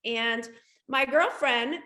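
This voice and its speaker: Animated high-voiced American woman. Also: takes it slowly. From United States. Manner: animated, acts out quoted dialogue. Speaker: guest entrepreneur. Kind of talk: casual storytelling. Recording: echoey room.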